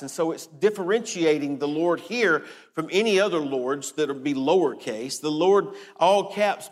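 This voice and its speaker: A man preaching a sermon in an earnest, deliberate way, slowing down to stress key words. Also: a little high, in a large hall. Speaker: pastor.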